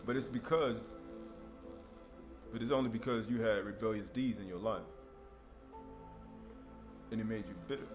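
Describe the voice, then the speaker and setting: A man preaching a sermon in a conversational, animated way, with sudden loud outbursts. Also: mid-range voice, a little slow, pauses often, soft background music.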